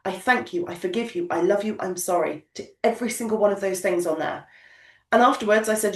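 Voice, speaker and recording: A woman's voice: medium pitch, quick pace. A woman coaching a group of business owners, speaking emphatically and repeating her points in a motivational way. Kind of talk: coaching session talk. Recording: echoey room, distant mic.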